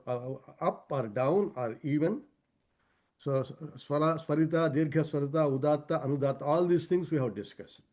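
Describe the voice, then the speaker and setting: A man lecturing on scripture as a spiritual teacher. He pauses and restarts as he explains, and he stresses key words by raising his pitch. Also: mellow.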